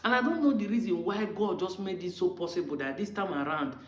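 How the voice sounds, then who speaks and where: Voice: mid-range voice, fairly quick, roomy sound. An Igbo commentator from Nigeria with a Nigerian English accent, arguing heatedly and firing off rhetorical questions. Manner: argumentative, fires rhetorical questions. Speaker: online commentator.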